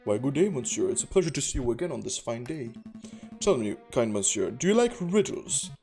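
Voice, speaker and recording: A man's voice: medium pitch, very animated, fairly quick, warm tone, faint music behind. A man voicing a polite, hesitant male bird lawyer who questions a librarian.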